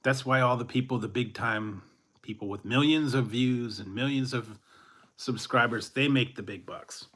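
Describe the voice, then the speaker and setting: A man's voice: medium pitch, normal speed, a bit bright. A man from Central California chatting casually on a live stream, rambling with chuckles and tossing in a joking "eh". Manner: rambling, chuckling, plays up a mock Canadian eh. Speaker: food review streamer.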